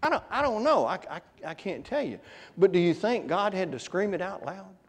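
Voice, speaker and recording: A man's voice: sits high, sing-song, fairly quick, long reverb tail. A man preaching a conversational sermon, often putting questions to his congregation. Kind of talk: interactive Bible class sermon. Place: church.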